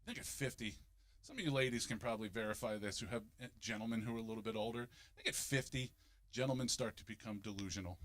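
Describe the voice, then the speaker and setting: A man, doing a stand-up comedy set and jumping into loud exaggerated voices for punchlines. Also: on the low side, fast talker. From Philadelphia, United States. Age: 50s.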